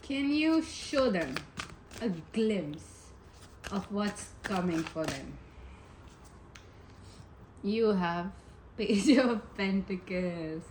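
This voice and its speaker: A woman's voice: medium pitch, animated, very slow, long pauses, darkish tone, a little hiss or hum, poor audio. A woman giving a casual pick-a-pile tarot reading, chatty and giggly, rambling with many asides. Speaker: tarot reader.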